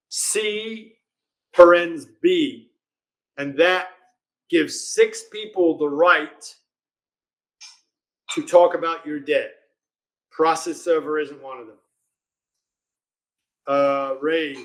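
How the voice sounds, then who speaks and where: A man hosting a live question-and-answer stream, reading viewer questions aloud in a casual, chatty way and laughing often. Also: fairly high pitch. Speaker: host of a live legal Q&A stream.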